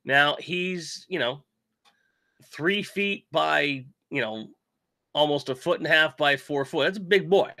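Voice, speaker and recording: Still recovering from covid, a toy channel host speaks with a sick voice on his casual collecting live stream, reading chat aloud, rambling and making self-deprecating jokes. His voice is on the high side and sharp, moving slowly, recorded at studio quality with no room sound.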